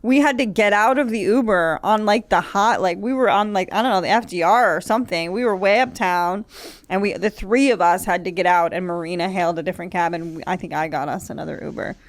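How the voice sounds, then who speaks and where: A woman's voice: on the low side, fairly quick, no echo. Woman podcast host, 30s, blunt and profane, dry close sound. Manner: blunt, profane, animated storytelling with impressions. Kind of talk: casual comedic chat.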